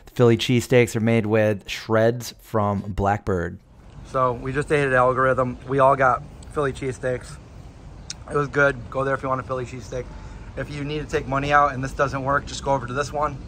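A man vlogging casually on the go, excitedly pointing things out to his camera as he moves through a city. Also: mid-range voice. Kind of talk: casual travel vlog narration. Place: out and about in a city, hotel, garage, arena. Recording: noisy on-the-go camera audio.

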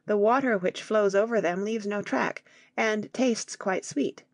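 A woman voicing a calm, wise father explaining things to his sons in an audiobook. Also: medium pitch, measured pace, dry recording, clean studio sound, natural voice.

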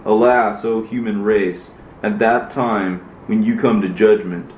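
A sorrowful male prophet pleads for mercy in a low, steady voice, as a man reads the part. The recording is dull and lo-fi, with a roomy echo. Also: unhurried, slight background noise, close to an everyday voice. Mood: pleading.

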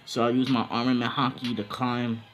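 A man's voice: medium pitch, flat delivery, fairly quick, soft background music. A young man casually telling an improvised story, slangy and rambling with lots of fillers.

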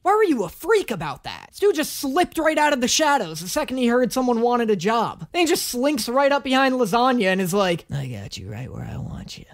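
A man's voice: very high voice, very animated, brisk, hardly any pauses, faint music behind. A man giving comedic reaction commentary on an anime, sarcastic, profane and jokey.

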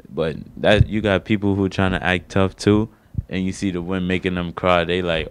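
On a small studio stage, a young stand-up comedian works through his first set, his deep voice smooth and steady at a moderate pace. His delivery is slangy and rambling, full of self-deprecating jokes.

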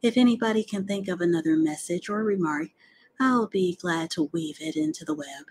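A woman voicing a calm, clever female spider in an audiobook, speaking in a measured, gently bossy way. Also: medium pitch, creaky, slight background noise, pitched above the performer's own voice. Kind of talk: audiobook character reading.

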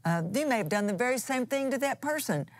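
A woman's voice: on the high side, expressive, quick pace, no echo. A woman pastor and co-host giving a conversational Bible teaching in an earnest, plain-spoken way, restarting phrases as she explains.

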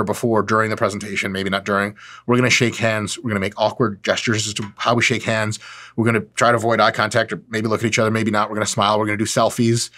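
Man, middle-aged, deadpan jokes, lively swings, casual vlog host. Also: mid-range voice. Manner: deadpan joking, lively ups and downs, mock British voice at times. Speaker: channel host. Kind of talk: casual promotional monologue.

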